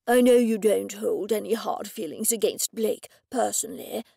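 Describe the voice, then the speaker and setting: A woman voicing a formal, precise gentleman who speaks in a measured, lecturing way. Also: medium pitch, gravelly, husky, no echo, clean studio sound.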